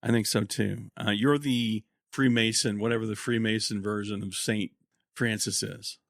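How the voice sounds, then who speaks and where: A man's voice: on the low side, normal speed, creaky, no echo, studio quality. Joking Oklahoman man hosting a podcast. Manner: joking, animated. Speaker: co-host. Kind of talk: casual banter.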